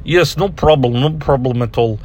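A man voicing a blunt, mean Russian boom operator, speaking in a put-on Russian accent with deadpan, broken English. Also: normal speed, close to an everyday voice.

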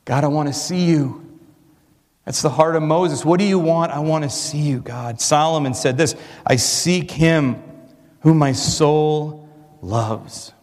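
A man's voice: a little high, measured pace, a little mellow, long reverb tail. A man preaching a sermon in an earnest, emphatic way, asking his listeners rhetorical questions. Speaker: pastor.

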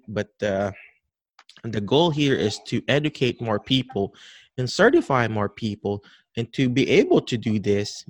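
Being interviewed on a podcast call, this man teaches dementia care and demonstrates how caregivers greet patients, animated and full of restarts. His medium-pitched voice comes through with no echo.

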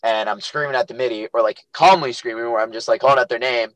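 A man's voice: mid-range voice, quick pace, no room sound, rough recording. Chatty young man telling stories. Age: young adult. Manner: animated storyteller, acts out quotes. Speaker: podcast co-host and youth lacrosse coach. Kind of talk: casual chat.

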